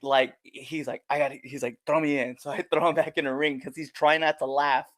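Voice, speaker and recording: A man co-hosting a wrestling podcast, telling animated stories from his own matches with quick fillers. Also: a little high. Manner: animated, loud when acting out quotes. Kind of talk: casual storytelling chat.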